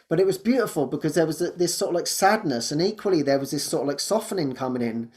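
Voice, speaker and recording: A man's voice: on the high side, lively intonation, a little mellow. A man hosting a podcast, telling a spiritual story in casual conversation, restarting his phrases and laughing often. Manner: halting, repeats words and restarts often; laughs often while talking. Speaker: podcast host.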